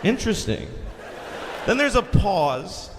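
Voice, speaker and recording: A middle-aged man tells a stand-up story with wild swings in pitch, acting out other people and cursing freely. His voice sits fairly high and rings through a large hall with a long reverb, while crowd noise is clearly audible. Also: normal speed. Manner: animated storytelling, acts out voices, swears a lot. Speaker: stand-up comedian. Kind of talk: stand-up comedy set. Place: large theater stage. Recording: live hall recording with reverb and audience noise.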